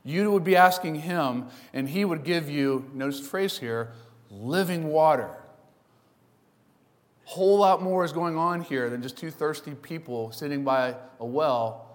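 A man's voice: on the high side, a little slow, in a large hall. A male pastor delivering a sermon with emphatic, repeated contrasts.

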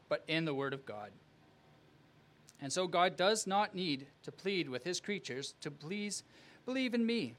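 A man preaching a sermon as pastor, with earnest, emphatic delivery and measured phrasing. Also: high-pitched, a bit bright.

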